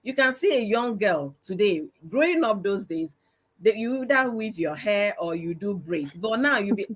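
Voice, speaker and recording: A middle-aged Nigerian woman, one of several panelists on a live-streamed video call, tells stories from her own life loudly and emphatically. Her voice is husky and sits at an ordinary pitch for a woman.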